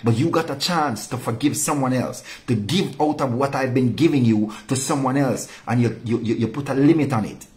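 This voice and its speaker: A male pastor delivering an impassioned, rebuking sermon, dropping low and soft to drive points home. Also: a little fast, few pauses.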